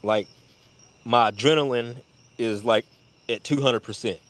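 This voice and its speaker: A man casually telling a long personal story, full of swearing, who jumps to a much higher voice when quoting people. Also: a little slow. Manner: profane, animated retelling with high-pitched voices for quoted people. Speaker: storyteller on a live audio chat.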